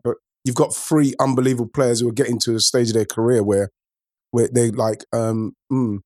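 A man's voice: medium pitch, fairly even intonation, moderate pace, darkish tone, dry recording, studio quality. A man hosting a podcast, chatting loosely about football, repeating words and calling friends "bro". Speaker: podcast host. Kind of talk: casual football chat.

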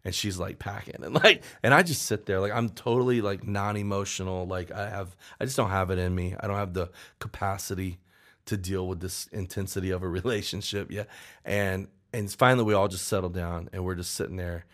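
A man with a very low voice tells a personal story in a casual interview. He rambles and restarts, quoting people as he goes. He sounds like a songwriter in his forties being open about his past. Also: fairly even intonation, fairly quick, fairly bright tone. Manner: candid, rambling, with restarts and acted-out quotes. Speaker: songwriter guest.

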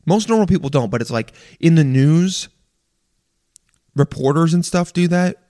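A man delivering an animated, profane rant in a casual monologue, stammering and restarting often. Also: a little high, normal speed. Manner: profane, exasperated, animated ranting.

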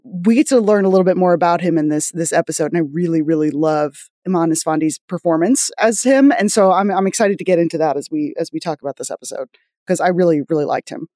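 Woman co-host on a podcast, lowish voice, dry sound, wry quick replies. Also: warm tone, dry recording. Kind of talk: casual podcast chat.

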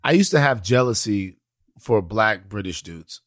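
A man co-hosting a podcast in casual chat, animated and prone to restarting and repeating his phrases. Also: on the low side, measured pace, no room sound, clean studio sound. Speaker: podcast co-host.

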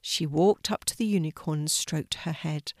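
An older woman reading a children's story aloud in a gentle storytelling manner. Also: low-pitched, moderate pace, no echo.

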